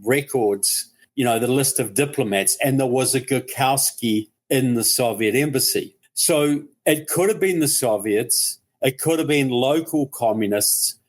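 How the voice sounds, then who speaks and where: New man telling a story. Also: medium pitch. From New Zealand. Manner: storytelling, repeats words as he builds a point. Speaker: guest commentator. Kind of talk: casual podcast conversation.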